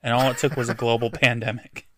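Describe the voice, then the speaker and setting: A man's voice: medium pitch, flat delivery, fast, fairly bright tone. A man co-hosting a casual podcast, wry and self-mocking, talking over a call. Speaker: podcast co-host. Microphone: home mic on a Skype call.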